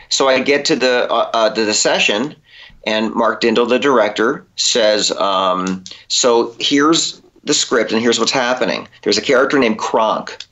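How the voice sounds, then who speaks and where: A man's voice: mid-range voice, a bit bright. A man, a voice actor, telling a story in a podcast interview and acting out the dialogue he quotes. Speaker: voice actor guest.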